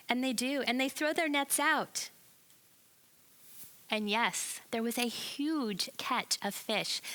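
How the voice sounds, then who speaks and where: Woman children's Bible teacher, lively storyteller, bright and fairly high. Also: low-quality recording. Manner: animated, asks the children questions.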